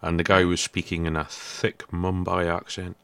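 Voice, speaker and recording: Easygoing male guest with a lowish voice; chuckles often, dry close sound. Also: level tone, normal speed, gravelly, fairly bright tone, clear, resonant tone, dry recording. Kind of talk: casual chat.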